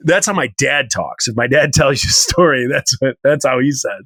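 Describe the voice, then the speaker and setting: Bright-voiced man in his forties. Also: mid-range voice, fairly quick, few pauses, no echo. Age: 40s. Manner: rambling storyteller, hums snippets of tunes. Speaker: podcast co-host. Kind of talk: casual chat.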